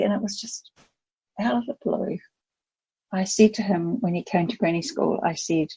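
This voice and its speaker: A grandmotherly older woman with a gravelly, husky voice tells stories in an animated way, slipping into playful voices. The sound is dry and a little dull. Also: mid-range voice, dry recording. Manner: animated storytelling, acts out voices. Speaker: guest expert. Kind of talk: podcast conversation.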